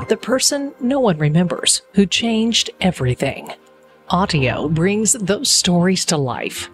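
A narrator reading an audio-app ad in an inviting, storytelling tone. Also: medium pitch. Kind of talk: scripted ad voice-over.

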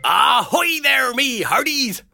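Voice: high-pitched, sing-song, slow, creaky, over music, exaggerated voice. A performer playing a boisterous, jolly male pirate captain with a hearty pirate accent, telling a story on a children's show. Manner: boisterous, hearty, laughs often.

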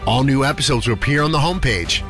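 A man's voice: mid-range voice, quick pace, music in the background. A man reading a friendly, upbeat scripted app promo. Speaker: announcer.

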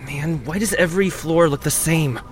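A slightly high, laid-back male voice: a man acting as an easygoing guy with a wry, dry humor, over light music in a radio commercial. He stays relaxed and amused. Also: normal speed, lightly acted. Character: easygoing adult man lost at work. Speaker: ad character.

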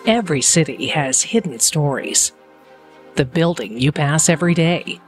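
A narrator reading a measured, evocative promo script. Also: medium pitch, lively intonation, soft background music.

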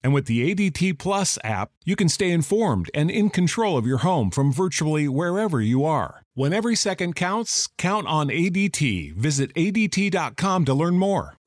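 A male announcer voices a commercial in an earnest, measured read. His voice sits a little high and moves a lot in pitch, and the studio sound is dry and close. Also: big pitch swings, no room sound. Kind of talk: scripted commercial voice-over. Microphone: close studio mic.

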